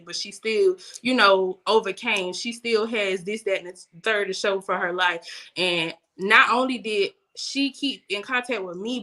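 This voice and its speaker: A young adult woman guest telling faith stories in a casual, animated way, laughing often and speaking in vernacular. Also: mid-range voice. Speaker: guest, business owner.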